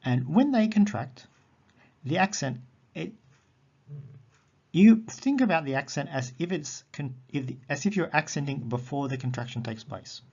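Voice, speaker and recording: Guy explaining grammar slow and patient, repeats words, muffled lo-fi sound. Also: fairly high pitch, lively intonation, darkish tone, breathy edge. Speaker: Greek teacher. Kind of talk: recorded grammar lesson. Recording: dull lo-fi audio.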